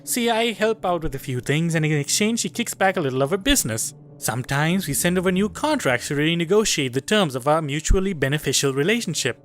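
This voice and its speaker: A man voicing a smooth, scheming female yakuza boss who talks with cool menace. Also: a little high, sing-song, brisk, few pauses, soft background music. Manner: silky, coolly menacing.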